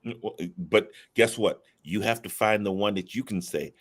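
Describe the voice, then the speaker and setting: A man co-hosting a casual talk show, expressive and acting out what he would say to a woman. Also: fairly low pitch, moderate pace, slightly rough. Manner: expressive, acts out pickup lines. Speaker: co-host. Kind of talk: casual chat.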